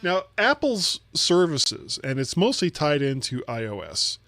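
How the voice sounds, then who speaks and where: A man's voice: fairly high pitch, big pitch swings, a little slow, sharp tone, dry recording. A man co-hosting a casual tech podcast, explaining at length and often repeating words as he thinks. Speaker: podcast co-host.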